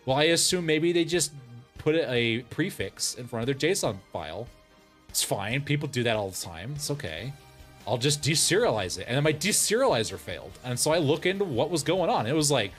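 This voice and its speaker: A man's voice: mid-range voice, sing-song, brisk, a bit bright, faint music behind. A man streaming as a VTuber, ranting in casual, profane exasperation and breaking into laughter. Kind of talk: casual livestream rant.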